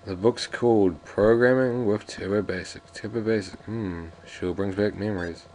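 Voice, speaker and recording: On the low side and a little mellow, a let's play commentator speaks in a steady tone at a moderate pace, slight background noise audible. He rambles and jokes casually, reads the game's lines aloud and restarts often.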